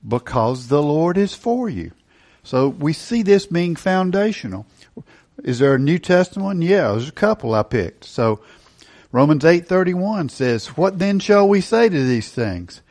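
Emphatic preaching man, fairly high voice. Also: big pitch swings, a little slow, a little mellow. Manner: emphatic teaching with rhetorical questions. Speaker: pastor. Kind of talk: sermon.

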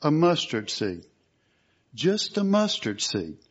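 A man preaching a sermon, earnest and at times forceful, on a dull lo-fi recording. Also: on the high side, huge pitch swings, slow, breathy edge. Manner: earnest, rising to forceful emphasis.

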